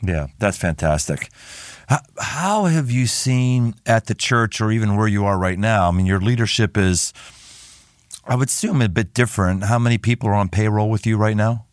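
A man's voice: fairly low pitch, normal speed, no echo, studio quality. A man hosting an interview podcast, asking questions energetically and repeating phrases as he thinks aloud. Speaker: podcast host. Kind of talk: casual interview.

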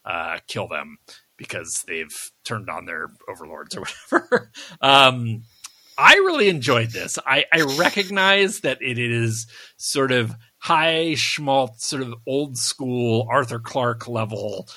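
A man's voice: medium pitch, pushed and bright, dry recording. A man co-hosting a casual review podcast, rambling with lots of ums and self-deprecating asides. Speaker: podcast co-host.

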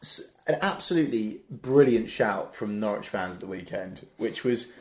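Playful co-host in an echoey room. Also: male voice, lowish voice, lively intonation, normal speed, a little mellow. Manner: enthusiastic, playful. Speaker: podcast co-host. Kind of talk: casual football podcast chat.

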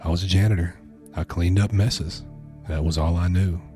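A man's voice: low-pitched, steady tone, normal speed, over music. A man narrating a first-person horror story with tense, vivid storytelling.

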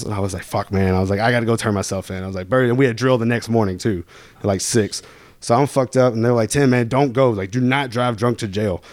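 A man's voice: medium pitch, a little mellow, no echo, studio quality. A young man from Louisville, Kentucky, telling rambling, profane stories as a podcast guest. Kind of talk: casual storytelling.

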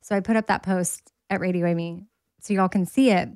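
A woman's voice: on the low side, steady tone, a little fast, darkish tone, clear, resonant tone, dry recording, clean studio sound. A woman co-hosting a podcast in casual chat, upbeat and matter-of-fact. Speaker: podcast co-host.

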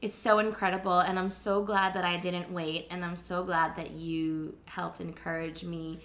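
A woman's voice: lowish voice, little pitch movement, normal speed, a bit bright. A young woman hosting a casual podcast chat, earnest and heartfelt, often laughing. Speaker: podcast host.

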